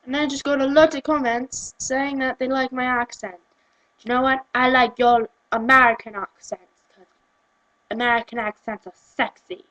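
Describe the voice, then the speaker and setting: A woman's voice: sits high, moderate pace, low-quality recording. A teenage girl with an English accent, rambling chattily in a vlog, giggling and drifting off topic. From England. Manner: chatty, giggly and off-topic, acting out quotes in lively voices. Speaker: vlogger. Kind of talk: rambling casual vlog rant.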